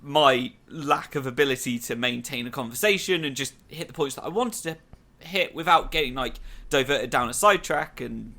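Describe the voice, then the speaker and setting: A young man with a British accent chats loosely as host of his own podcast, looping through fillers and tangents. His voice sits mid-pitch with a bright, forward edge. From Britain. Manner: rambling, many "like" fillers, quick bursts. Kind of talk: casual podcast chat.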